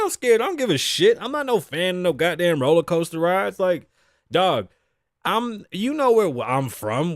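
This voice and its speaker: In clean studio sound with no room sound, a podcast host in his thirties talks casually from his home studio desk in a slightly high voice. He rambles, swears, and laughs often.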